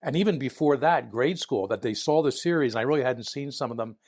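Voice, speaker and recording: The guest is a retired FBI agent from Philadelphia in his sixties, telling stories with a Philadelphia accent in a casual interview. He's chatty and expressive, talking fast in a mid-range voice with a darkish tone, chuckling and mimicking others' lines. The studio-quality recording has no echo.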